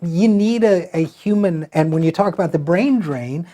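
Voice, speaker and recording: Mellow-voiced man thinking aloud. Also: fairly high pitch, normal speed. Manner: rambling, thinks aloud with many restarts and fillers. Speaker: show host. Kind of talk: conversational interview.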